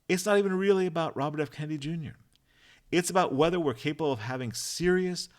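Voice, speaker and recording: A man delivering a political commentary monologue in an emphatic, rhetorical way, punching out lists of points. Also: medium pitch.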